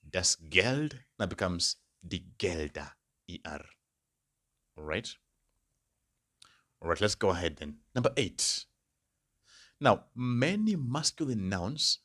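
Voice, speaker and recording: A patient male tutor with a low, deep voice that still sounds bright and forceful. He teaches slowly, says each word twice, and keeps asking if the class is following. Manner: checks in with "all right?" often. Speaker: language tutor. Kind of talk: online language lesson.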